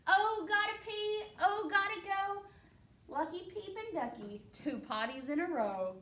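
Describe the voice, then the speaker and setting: A woman librarian reading a children's picture book aloud in a playful, animated way, with sound effects. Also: very high voice, a little slow. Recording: echoey room, mic at a distance.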